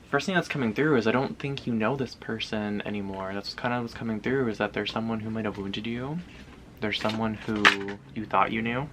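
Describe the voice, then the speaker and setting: A man's voice: fairly low pitch, sharp tone, slight background noise. A man giving a casual pick-a-card tarot reading to his viewers, talking in a rambling, loose way with lots of fillers and the odd swear.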